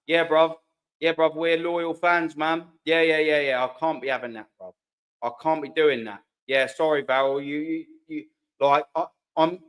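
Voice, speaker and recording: A man with a fairly high, smooth voice hosts a live fan channel chat. He reads viewer comments aloud in a heated, slangy way, swearing and repeating himself.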